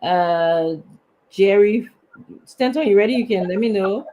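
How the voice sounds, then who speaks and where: Co-host calmly reading names. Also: male voice, sits high. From Liberia. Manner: warm, unhurried, stumbles over names. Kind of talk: live show, reading out viewer names.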